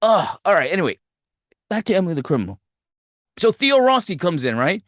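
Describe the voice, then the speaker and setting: A man's voice: high-pitched, sing-song, fairly quick, dry recording, studio quality. A man hosting a podcast, animatedly telling a movie's plot in a rambling, profane, casual way. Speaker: podcast host.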